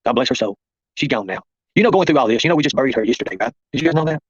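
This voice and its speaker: A man rattles off a confrontational livestream monologue at a very fast clip. His voice sits at a middling pitch, and the sound is close and dry. The audio is dull and lo-fi. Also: animated, breathy edge, dry recording. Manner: confrontational, addresses viewers and chat by name. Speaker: livestream host.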